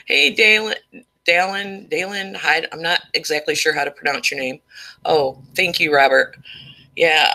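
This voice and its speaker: A woman runs a casual live stream through a cheap microphone, her voice bright and a little tense. She talks at an unhurried, drawn-out pace and keeps breaking off to greet viewers by name. A slight tickle sits in her throat. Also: deep voice, low-quality recording. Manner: chatty, greets viewers by name while talking.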